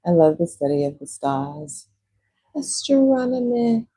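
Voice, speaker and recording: A woman's voice: low voice, measured pace, dark tone, breathy edge, no room sound, rough recording. A woman from Texas with a Texan accent, chatting casually with viewers on a livestream and laughing often. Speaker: livestream host. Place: Puerto Rico.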